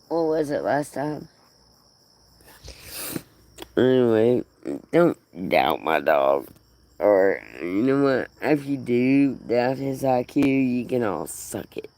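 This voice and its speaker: Male actor as a doting, tearful dog owner; slow, gravelly delivery with a wide pitch swing. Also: darkish tone. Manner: rambling, doting and tearful, half laughing. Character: grieving man doting on his aging dog. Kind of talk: emotional monologue.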